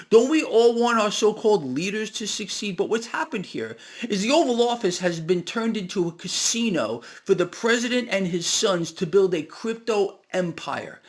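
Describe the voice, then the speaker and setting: Sarcastic, combative man with a lively voice. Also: high-pitched. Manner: sarcastic, combative, rhetorical questions. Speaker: market commentary host. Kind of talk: ranting solo commentary video.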